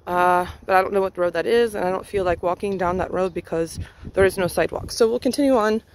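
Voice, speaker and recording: A woman's voice: mid-range voice, fast talker, a little hiss or hum, poor audio. A woman from the United States rambling and chatting to herself as she walks a residential street for a vlog, laughing often. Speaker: vlogger. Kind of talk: casual walking vlog. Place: outdoors on a residential street, walking.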